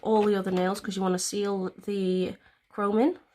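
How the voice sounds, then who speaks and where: A woman's voice: medium pitch, little pitch movement, normal speed, warm tone. A woman vlogger, explaining a nail tutorial in a chatty, rambling way with plenty of fillers. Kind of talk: casual step-by-step tutorial.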